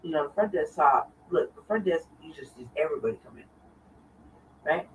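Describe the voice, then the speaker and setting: A woman's voice: sits low, expressive, a little fast. Southern lady rambling on a livestream, sounds far off the mic, bit of noise behind. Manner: rambling, repeats herself. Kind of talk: casual livestream chat.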